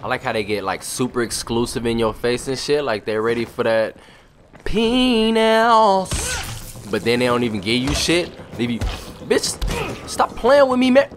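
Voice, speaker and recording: A young man giving loud, profane, joking commentary while playing a video game. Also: mid-range voice, fairly quick, hardly any pauses, soft background music. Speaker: gaming commentator. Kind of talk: casual let's-play commentary.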